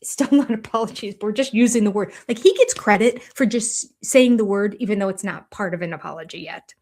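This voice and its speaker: An older woman giving deliberate, analytical commentary as a host, with a dryly sarcastic edge. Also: medium pitch, darkish tone.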